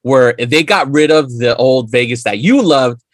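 A man's voice: mid-range voice, a little slow, no echo, studio quality. A young man chatting casually with a buddy, laid-back and slangy, swearing freely. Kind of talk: casual chat.

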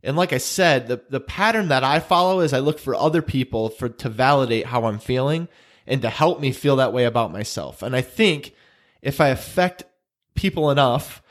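A man's voice: mid-range voice, expressive, normal speed. A man, co-hosting a podcast in casual chat, earnest and emotional, often repeating his words. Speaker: podcast co-host.

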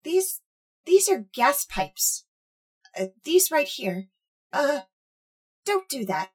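A man's voice: very high-pitched, sing-song, pitched above the performer's own voice, heavily acted. A man voicing a timid, apologetic female machine being who stammers and halts. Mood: alarmed. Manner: stammering, halting.

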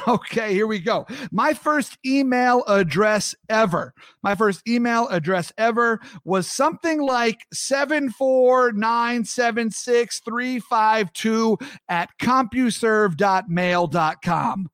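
A man's voice: extremely high pitch, slow pace, a bit bright, no echo, clean studio sound. A man in his thirties from the US East Coast, hosting a casual show and joking with his chat in an upbeat way. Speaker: podcast host.

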